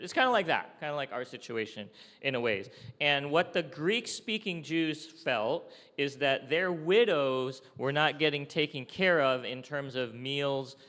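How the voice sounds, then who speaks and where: A man's voice: medium pitch, sharp tone. Man preaching in a reverberant hall. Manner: conversational preaching, checks in with "okay?" and "right?". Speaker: pastor. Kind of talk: sermon.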